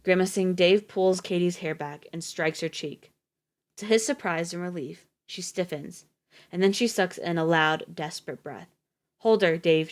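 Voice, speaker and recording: A woman narrating a story in a steady, even reading voice. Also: fairly low pitch. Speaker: audiobook reader on a livestream.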